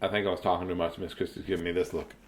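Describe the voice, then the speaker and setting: A man's voice: low voice, little pitch movement, racing. A man reading a picture book aloud, playful and chatty, drifting into tangents. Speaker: children's story reader.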